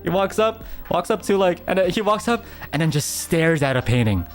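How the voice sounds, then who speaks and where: An animated young man tells a story in casual chat. His slightly high voice swoops widely as he stammers, restarts and laughs. Faint music plays under him. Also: fairly quick. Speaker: streamer.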